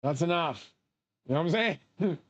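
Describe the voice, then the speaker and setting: A man rambling in a profane, excitable way while he plays a game and comments. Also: on the high side, moderate pace, muffled recording. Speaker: game streamer.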